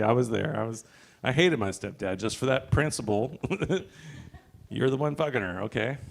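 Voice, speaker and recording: Gravelly-voiced man hosting open mic. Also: mid-range voice. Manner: rambling, laughs at own jokes. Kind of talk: stand-up banter. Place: brewery bar with ceiling sensors. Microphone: wireless handheld mic.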